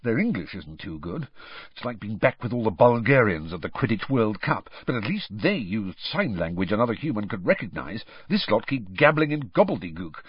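A bluff, jovial middle-aged wizard official voiced by a man, hearty but jittery, with a confiding hush to his manner. His pitch swings freely and his tone stays a little husky. The recording sounds dull and lo-fi. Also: sing-song, moderate pace, no echo.

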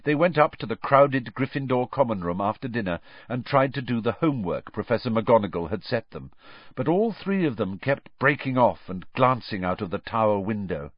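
A man reading a novel aloud as an audiobook narrator, expressive and varied. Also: mid-range voice, moderate pace, dry recording. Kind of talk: scripted storybook narration. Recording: dry, slightly dull audio.

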